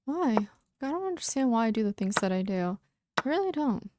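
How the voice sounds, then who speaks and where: A woman's voice: a little high, sing-song, brisk, dark tone. A young woman streaming chess, muttering anxious, casual commentary to herself and repeating words as she plays. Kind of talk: casual live-stream commentary while playing.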